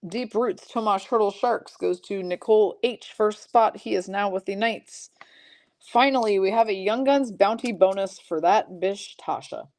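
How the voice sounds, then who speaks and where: A woman hosting a live-streamed trading card break, briskly calling out each pull and teasing her chat viewers. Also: medium pitch, darkish tone.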